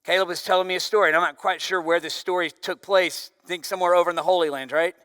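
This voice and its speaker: A man preaching a sermon as pastor, with a loud voice that swings from forceful emphasis down to near-whispers. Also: high-pitched, steady tone, fast talker, smooth, no room sound, clean studio sound, in a large hall.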